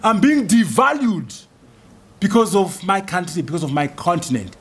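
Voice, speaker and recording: A man's voice: sits high, big pitch swings, moderate pace, a bit bright, breathy edge. A man from Zimbabwe giving an emphatic public lecture and building points through rhetorical lists. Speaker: guest lecturer.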